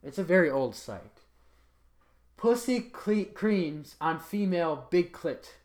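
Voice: mid-range voice, lively intonation, slow, darkish tone. An adult reading a list of titles aloud for comic effect, in a mock-serious voice that keeps breaking into laughter, sometimes switching to an announcer voice. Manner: occasional announcer voice.

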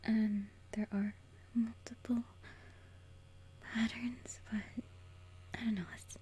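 A woman whispers slowly into the mic, her voice airy and husky with a stuffy nose and a touch of hoarseness. She hesitates often, giggling softly between fillers. The tone stays mellow and hushed. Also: on the high side, level tone. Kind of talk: whispered casual talk to a mic.

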